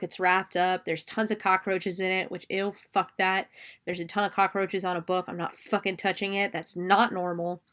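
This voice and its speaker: A woman hosts a podcast and walks through a movie in a loose, chatty recap. Her voice sits at a middle pitch. She rambles from point to point and swears casually as she goes. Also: fairly bright tone. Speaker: podcast host.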